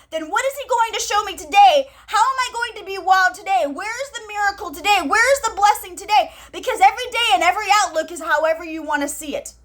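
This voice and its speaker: A very high-voiced woman speaks live to her online followers about faith and spiritual readings. She tells her story in an excited, tumbling way, repeating phrases and acting out the conversations she describes. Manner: excited, breathless, repeats herself, tells stories with quoted dialogue. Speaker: spiritual channel host. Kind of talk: live spiritual talk to viewers.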